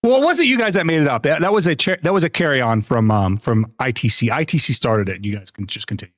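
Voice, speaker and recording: With a mid-range voice and a quick pace, this man comes across in clean studio sound with no room noise. He's a live streamer casually recounting gaming tales, cursing regularly and laughing in between.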